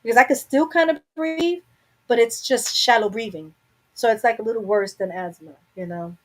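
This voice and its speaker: A woman's voice: a little high, moderate pace, rough recording. A young adult woman hosting a casual live chat from home, talking candidly and rambling to her viewers through a webcam mic. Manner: candid, rambling, talks to herself. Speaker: live stream host.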